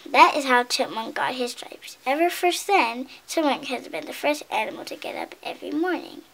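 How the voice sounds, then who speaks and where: A woman reading a picture book aloud in an expressive way, correcting her slips and adding asides about the pictures. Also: high voice, normal speed. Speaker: storybook reader.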